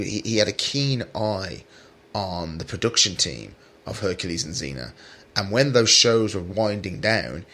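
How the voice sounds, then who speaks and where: A man's voice: lowish voice, pushed and bright. A man hosting a solo podcast, talking in a rambling way with many fillers and restarts, turning sarcastic at times. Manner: sarcastic when mocking critics. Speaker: podcast host.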